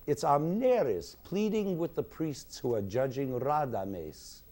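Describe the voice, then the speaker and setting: Male lecturer in a hall, slow, animated delivery over piano playing. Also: medium pitch. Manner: expressive, sings musical examples at the piano. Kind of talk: university music lecture. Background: piano music.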